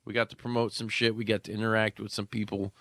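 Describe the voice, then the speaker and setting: A man co-hosting a wrestling podcast in a studio, chatting casually, rambling and cursing freely, now and then breaking into loud goofy shouts. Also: on the low side, level tone, fast talker, no echo. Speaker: podcast co-host. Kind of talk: casual chat.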